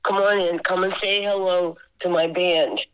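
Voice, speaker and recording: A woman with a Boston accent putting on a lower voice to quote an older male bandleader, direct and welcoming. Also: fairly even intonation, measured pace, a bit bright, smooth, rough recording. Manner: direct, welcoming, matter-of-fact.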